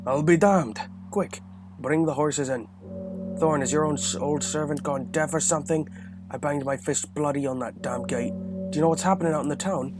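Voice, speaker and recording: Man voicing Captain Krieger, gruff and crude. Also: fairly high pitch, moderate pace, lightly acted. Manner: blunt, crude, barking. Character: gruff coarse middle-aged male guard captain. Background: game music.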